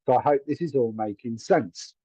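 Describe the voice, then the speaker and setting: A man's voice: medium pitch, moderate pace, warm tone, slightly rough, no room sound, lo-fi sound. A man giving live psychic readings to viewers from a room at home, chatty and hedging, often checking whether his words make sense. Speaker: psychic medium.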